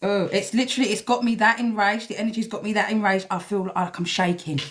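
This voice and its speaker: A woman reads tarot cards on a live stream in a blunt, emphatic way, swearing as she goes. Her pitch sits in a middle range for a woman. A faint background noise runs under her voice. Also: fairly even intonation, quick pace, few pauses. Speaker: tarot reader.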